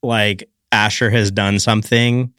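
A man's voice: fairly low pitch, flat delivery, measured pace, fairly bright tone, smooth, dry recording, studio quality. A man hosting a podcast interview in a playful, teasing way. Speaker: podcast host. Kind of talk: casual interview.

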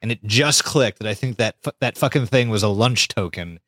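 A man co-hosting a podcast, retelling an episode with lots of swearing and squeaky voiced impressions of the characters. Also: brisk, a bit bright, no room sound. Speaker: podcast co-host. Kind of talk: casual podcast recap.

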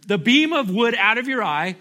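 Bright high-voiced man preaching. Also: very animated, moderate pace. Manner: conversational, asks the congregation questions; jokey, playfully acts out scripture. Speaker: pastor. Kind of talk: sermon.

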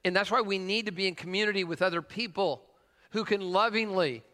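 A man's voice: high voice, a little fast, sharp tone. A man preaching a conversational sermon and telling a personal story, with frequent "uh" fillers and questions put to the congregation. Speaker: pastor. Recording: long reverb of a large hall.

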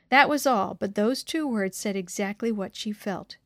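A woman reading a story aloud in scripted narration, measured and expressive. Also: mid-range voice, no room sound, studio quality.

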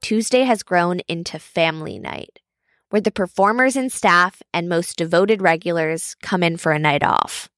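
A woman narrates a travel podcast in a scripted but conversational way. Her voice sits a little low and is recorded dry and close. Her storytelling sounds friendly. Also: normal speed, fairly bright tone, dry recording.

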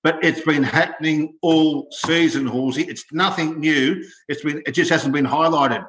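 An older Australian man chatting casually about rugby league, telling stories in an animated way and repeating words as he goes. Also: a little high, normal speed, roomy sound, slight background noise. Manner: animated storytelling, repeats words when excited. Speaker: podcast co-host, former rugby league player. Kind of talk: casual sports chat.

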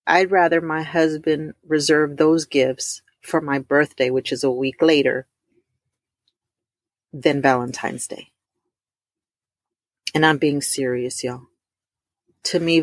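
A woman's voice: low-pitched, dry recording, studio quality. Emotional woman sharing a faith testimony. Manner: emotional, addresses listeners as y'all, drawn-out emphasis. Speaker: host of a faith talk stream. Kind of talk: personal testimony, casual and heartfelt.

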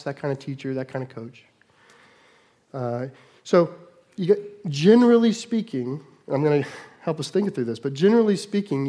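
A middle-aged man preaching a sermon, moving between loud mock shouts and quiet asides. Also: fairly high pitch. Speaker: pastor.

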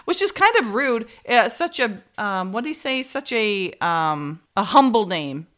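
A woman's voice: medium pitch, unhurried. A woman co-hosting a podcast, chatting through an episode recap with lots of laughs and fillers. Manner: animated, giggly, many fillers. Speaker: podcast co-host.

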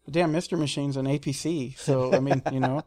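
A man in casual chat, telling lively stories and acting out his own screams. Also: mid-range voice, fairly quick. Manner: animated storyteller, mimics his own screams. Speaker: comic shop staff guest. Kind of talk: casual radio-style chat.

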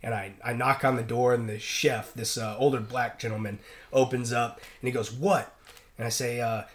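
A man's voice: mid-range voice, little pitch movement, brisk. A man, a merchant sailor, telling stories in casual chat, rambling with many fillers and restarts. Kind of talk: casual storytelling.

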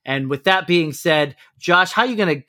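A man's voice: a little high, moderate pace, bright, forceful tone. A man co-hosting a casual woodworking podcast, reading sponsor and review plugs in an easygoing, jokey way. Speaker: podcast co-host. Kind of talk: casual podcast outro chat.

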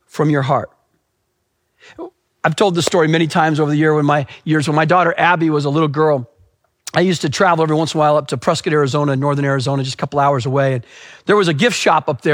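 A man's voice: a little high, fast talker, no echo, studio quality. A middle-aged man, a pastor preaching a sermon, telling a family story with emphatic repetition and acted-out quotes. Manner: emphatic storytelling, repeats key phrases, acts out quotes.

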